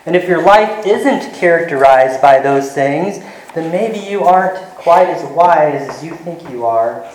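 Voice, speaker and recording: A man's voice: on the high side, a little slow, echoey room, slight background noise, rough recording. A man preaching a sermon in an earnest teaching manner, walking listeners through scripture. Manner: earnest, retells scenes with lively voices.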